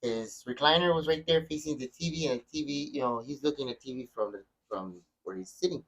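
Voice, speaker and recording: A man's voice: mid-range voice, a little fast, fairly bright tone, rough recording. A middle-aged man hosting a podcast, telling a story in casual chat and rambling with many restarts. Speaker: podcast host.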